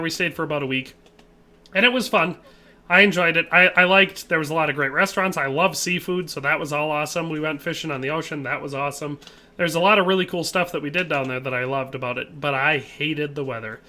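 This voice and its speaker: A man's voice: a little high, quick pace, bright, forceful tone. A man from Wisconsin, chatting casually with his viewers while he plays a game on a live stream. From Wisconsin, USA. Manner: chatty, reads viewer chat aloud and answers it.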